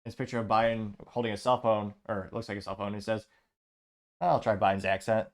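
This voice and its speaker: A man's voice: fairly low pitch, level tone, fairly quick. A man hosting a show, reading social media posts aloud and adding wry asides. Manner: reads comments out, adds wry asides. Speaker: host.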